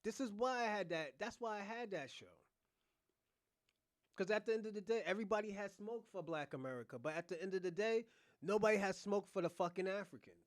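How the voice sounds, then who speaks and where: High-voiced man ranting on a livestream. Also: brisk, no echo, studio quality. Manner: blunt, profane, rambling rant. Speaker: host of a reaction livestream. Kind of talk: casual livestream commentary.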